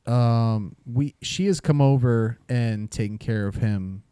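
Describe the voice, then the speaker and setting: A man in his thirties co-hosting a podcast, talking in a halting way with many filler pauses. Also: medium pitch, mellow, smooth, no echo, studio quality. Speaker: podcast co-host. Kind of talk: casual chat.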